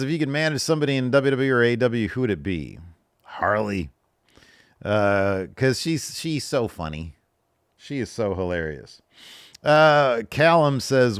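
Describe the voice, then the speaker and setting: A man's voice: fairly low pitch, no room sound, clean studio sound. A man in his thirties hosting a podcast, reading viewer questions aloud and answering them in a loose, joking way. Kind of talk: casual solo Q&A chat.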